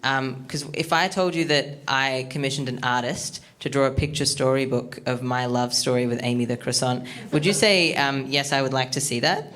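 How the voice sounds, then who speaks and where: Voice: mid-range voice, normal speed, a bit bright. A stand-up comedian doing a rambling, awkward, self-deprecating set with lots of ums, from Australia, recorded on a comedy studio stage.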